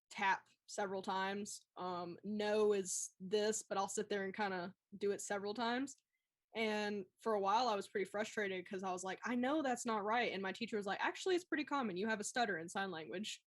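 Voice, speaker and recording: Woman, Southern American accent, casual livestream chat, animated, laughs a lot. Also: mid-range voice. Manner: chatty and animated, laughs often. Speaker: cosplay livestream co-host.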